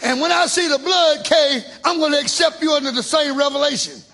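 Male preacher, shouting sermon with hallelujahs, very high, bright voice. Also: a little fast, creaky. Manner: shouting, call-and-response hallelujahs; colloquial, folksy speech.

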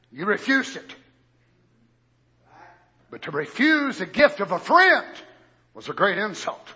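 Preacher, high bright voice, shouting. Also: male voice, very animated, measured pace, pauses often, breathy edge, highs cut off. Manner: swings from low murmurs to loud shouted preaching. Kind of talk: sermon.

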